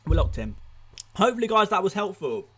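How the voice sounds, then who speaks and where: A man's voice: high voice, sing-song, a little fast, a bit bright, slightly rough. A young man hosting a live stream, firing off answers to chat questions with frequent restarts and repeated words. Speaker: fantasy football streamer.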